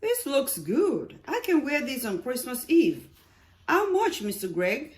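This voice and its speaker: A woman voicing a cheerful female neighbor who sounds bright and thankful, her pitch lifting higher. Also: wildly swooping pitch, a little slow, exaggerated voice.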